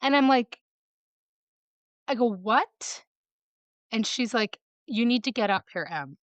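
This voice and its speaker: Her voice sits a little high and moves with lively intonation, with no echo on the recording. She's a podcast guest from Michigan quickly retelling something that happened to her, quoting people and leaning heavily on "like."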